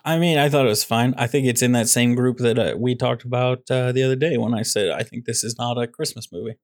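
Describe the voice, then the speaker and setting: A man's voice: medium pitch, steady tone, fast talker, no room sound, clean studio sound. A man co-hosting a casual movie podcast, ranting with sarcasm about a show he disliked. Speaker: podcast co-host.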